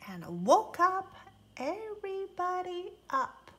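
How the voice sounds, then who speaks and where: Slow, playful woman reading a storybook. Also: high voice, sing-song. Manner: slow and playful, mimicking bird calls, dropping to soft whispers. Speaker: teacher reading a picture book aloud. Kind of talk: storybook read-aloud for young children.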